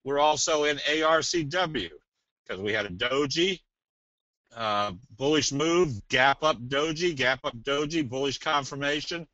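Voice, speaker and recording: A man presenting a trading webinar in a casual, folksy, joking way with a salesy pitch. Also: measured pace, bright, forceful tone, no echo. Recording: dull dry webinar audio.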